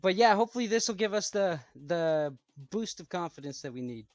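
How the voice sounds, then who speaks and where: A man with a high voice answers post-match interview questions over a remote call. His answers are short, polite and relaxed. The sound is dry and close, with faint music underneath. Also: brisk, dry recording. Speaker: player being interviewed.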